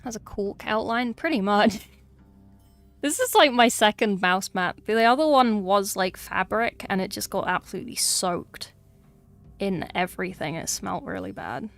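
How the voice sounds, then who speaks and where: This young woman from England paints miniatures live while chatting with viewers in a wry, talkative way. Her medium-pitched voice is animated and carries vocal fry, at a normal speed over faint background music.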